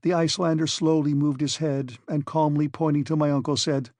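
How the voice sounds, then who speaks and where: A man narrating a classic adventure novel as an audiobook in a steady, measured way. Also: a little high, no room sound, clean studio sound. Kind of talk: scripted narration.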